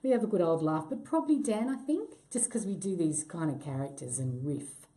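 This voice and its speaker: Mellow, lively actress. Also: female voice, on the low side, fairly quick. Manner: self-deprecating, laughs easily, lively swings in tone. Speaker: actress and guest. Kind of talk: live online Q&A chat.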